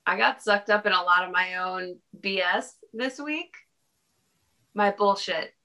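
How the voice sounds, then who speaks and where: A woman's voice: mid-range voice, unhurried, sharp tone. A young woman co-hosting a casual podcast chat, telling a personal story in a rambling way and laughing often. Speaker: podcast co-host.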